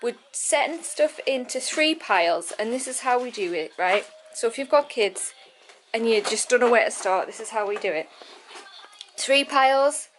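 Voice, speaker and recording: Chatty woman vlogger, clear background noise. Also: fairly high pitch, animated, normal speed, low-quality recording. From England. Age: 30s. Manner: chatty, explaining a tidying method step by step. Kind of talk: casual home vlog. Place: child's bedroom at home.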